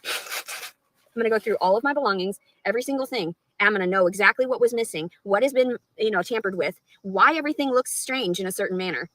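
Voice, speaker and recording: A woman's voice: mid-range voice, a little fast, fairly bright tone, no room sound, rough recording. A woman talking straight to her live stream audience, rambling and swearing a lot, with an aggrieved tone. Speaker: livestreamer.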